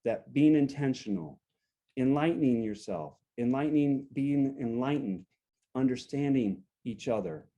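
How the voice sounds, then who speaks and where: A man's voice: medium pitch, a little slow, lo-fi sound. A man giving a workshop talk to a support group, explaining step by step, checking in often with "right?", and acting out sample phrases. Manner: acts out sample phrases to show a calm and an angry tone. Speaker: guest speaker on relationships.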